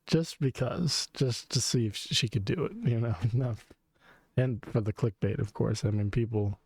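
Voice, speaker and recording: A man's voice: mid-range voice, normal speed, a little mellow, husky, dry recording. A man co-hosting a podcast, chatting casually and profanely while reacting to videos. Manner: profane, amused, rambling. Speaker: podcast co-host.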